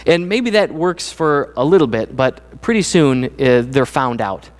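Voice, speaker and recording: A man's voice: medium pitch, unhurried. A middle-aged man giving a sermon as pastor, talking conversationally and acting out voices. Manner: conversational, animated, acts out quoted voices. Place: church sanctuary. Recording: church sanctuary with long reverb.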